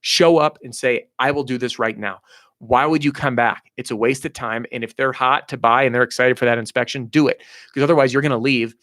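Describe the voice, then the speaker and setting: An energetic man in his thirties coaches salespeople live, blunt and motivational. His voice sits in a middle pitch and sounds dry and close, with no room around it. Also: brisk, dry recording. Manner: energetic, blunt, motivational, acts out quoted dialogue. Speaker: sales trainer hosting a live Q&A.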